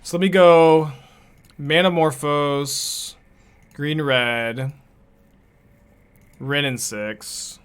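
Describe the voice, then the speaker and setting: A man's voice: a little high, steady tone, drawn-out words, long pauses, smooth. A young man casually commenting on a card game as he plays, thinking aloud and laughing often.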